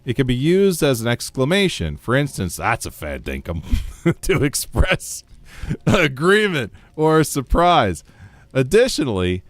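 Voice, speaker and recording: A man's voice: medium pitch, clear, resonant tone, dry recording. A man from the United States streaming a game, chatting casually, reading chat aloud and laughing often.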